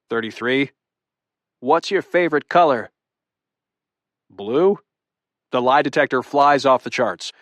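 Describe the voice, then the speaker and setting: A man's voice: a little high, fairly bright tone, no room sound. Wry young man narrating an audiobook. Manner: wry, comic, self-deprecating storytelling. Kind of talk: first-person romance audiobook narration. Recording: dry studio booth.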